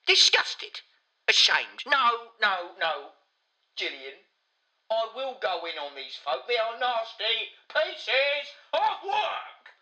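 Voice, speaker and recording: A man voicing a furious, menacing British caller who rants and shouts down the phone. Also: high voice, poor audio. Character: furious threatening British bloke.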